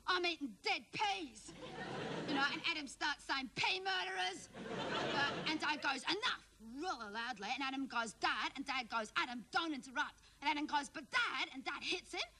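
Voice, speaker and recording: A woman's voice: high voice, a little fast, hardly any pauses, sharp tone, slight background noise. A woman playing a bratty, melodramatic teenage schoolgirl with an Australian accent, complaining in a whiny sketch-comedy monologue. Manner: whiny, complaining, peppered with "you know".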